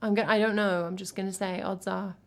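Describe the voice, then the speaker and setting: A woman's voice: mid-range voice, flat delivery, fairly quick. Chatty English woman, self-deprecating. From England. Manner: chatty, self-deprecating, reading out chat and thanking viewers. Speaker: music streamer. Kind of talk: casual chat between songs.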